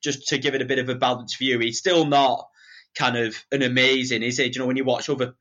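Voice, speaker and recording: A man's voice: mid-range voice, little pitch movement, fast, sharp tone. A man, a podcast guest, talking football casually, hesitating and often asking if he makes sense. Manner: hesitant, many fillers and restarts, checks in with listeners.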